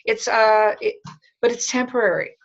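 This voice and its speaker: A woman's voice: on the high side, moderate pace, lo-fi sound. A woman hosting a writing webclass, coaching participants in an encouraging, reassuring way over a video call.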